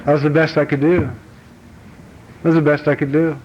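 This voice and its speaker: A man's voice: a little high, flat delivery, fairly quick. American man telling blunt recovery stories. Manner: storytelling, acts out voices, swings from quiet asides to loud shouted outbursts; blunt, rough-edged language. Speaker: AA speaker. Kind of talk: recovery meeting talk. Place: banquet hall. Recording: dull archival banquet recording with faint hiss.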